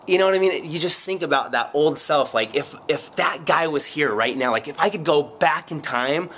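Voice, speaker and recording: A man chatting casually to camera in a vlog, rambling and excitable, sore after a long run, poking fun at himself between plenty of fillers. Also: fairly high pitch, normal speed, a little hiss or hum. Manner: rambling, excitable, self-mocking, lots of fillers. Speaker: vlogger.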